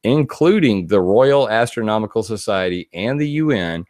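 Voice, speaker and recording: A man giving casual commentary on a video, animated and laughing often as he reads quotes aloud. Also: fairly low pitch, normal speed, no room sound, studio quality. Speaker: video blogger.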